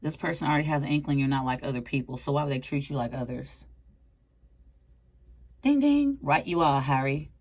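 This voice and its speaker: A woman's voice: extremely low pitch, steady tone, fast talker, hardly any pauses. A woman giving a casual tarot reading in a playful, chatty way, calling the listener pet names. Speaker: tarot reader.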